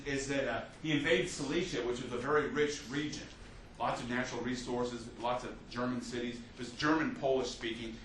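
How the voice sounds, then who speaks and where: A man teaching a history class as a lecturer, telling the story with lively restarts and fillers. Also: medium pitch. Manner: animated storytelling with many restarts. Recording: echoey classroom from a distance, faint hiss.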